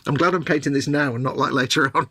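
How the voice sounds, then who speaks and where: A man's voice: on the high side, fast, crowd noise. A man chatting casually while painting a model, laughing along and teasing his friend. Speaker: co-host of a model-building stream.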